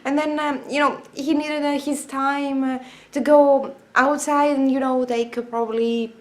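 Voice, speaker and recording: A young woman recording a home vlog in which she reviews a TV episode. Her voice sits high, and she talks in an eager, emotional way, filling her pauses with lots of "uh"s. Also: flat delivery. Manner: chatty, many uh fillers, emotional and enthusiastic. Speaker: vlogger.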